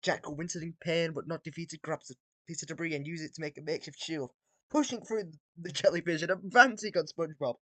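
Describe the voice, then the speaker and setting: A man's voice: on the high side, a little fast, a bit bright, no echo. Man reading aloud, stumbling over words. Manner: stumbling over words, self-mocking asides. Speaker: reader of an AI-written battle story. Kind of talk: casual read-aloud commentary.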